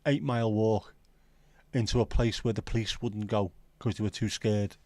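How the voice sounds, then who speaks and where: A man's voice: on the low side, fairly even intonation, moderate pace, darkish tone, no room sound. A middle-aged man with a South Liverpool Scouse accent, chatting casually on a livestream and telling rambling, sweary stories. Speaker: livestream host.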